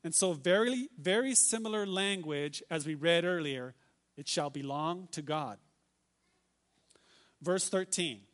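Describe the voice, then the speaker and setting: A man preaching a sermon, reading scripture aloud and repeating key phrases slowly and with emphasis. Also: high voice, a bit bright. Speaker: pastor.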